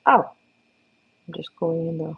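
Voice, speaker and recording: A woman's voice: low voice, a little slow, creaky, husky. A woman face painter chatting casually on a livestream while she paints, encouraging her viewers and talking to her dog. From Florida. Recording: slightly dull lo-fi livestream audio.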